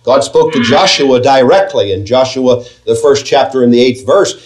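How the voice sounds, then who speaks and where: A man preaching a sermon to a congregation, earnest and measured, asking them questions as he teaches. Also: mid-range voice, poor audio. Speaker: pastor.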